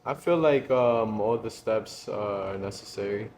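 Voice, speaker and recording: A man's voice: lowish voice, unhurried, darkish tone, a little hiss or hum. A man, telling a profane, joking story in a laid-back way. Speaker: guest. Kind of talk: casual storytelling.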